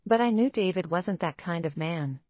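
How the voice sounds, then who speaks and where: A woman narrating a dramatic romance story in the first person, steady and even. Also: lowish voice, moderate pace, no room sound, dull audio.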